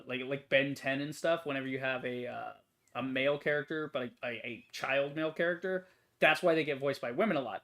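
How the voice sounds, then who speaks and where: A man's voice: mid-range voice, fairly bright tone. A young man hosting a gaming channel, chatting casually through a game demo in a rambling way, full of fillers and self-corrections. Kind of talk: casual let's-play commentary.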